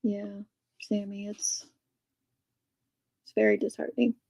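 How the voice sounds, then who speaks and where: A woman's voice: mid-range voice, little pitch movement, slow, gravelly, darkish tone. A woman hosting a casual livestream, chatting and reading viewer comments aloud. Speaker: livestream host reading chat.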